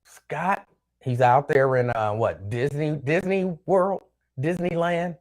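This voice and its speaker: A man's voice: fairly high pitch, slow. A man hosting his own show, chatting casually on his own and reading out viewer comments in a loose, rambling way that repeats itself. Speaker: show host.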